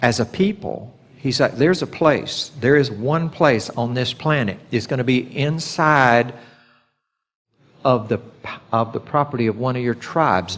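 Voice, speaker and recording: Man, Bible teacher, conversational sermon, middle pitch, animated quotes. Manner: conversational, acts out God's voice in quotes.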